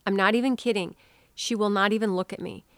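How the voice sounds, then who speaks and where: A woman hosting a podcast, telling a personal story in an animated, expressive way and dropping to a soft hush now and then. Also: mid-range voice, fairly quick, dry recording, clean studio sound. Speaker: podcast host. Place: home.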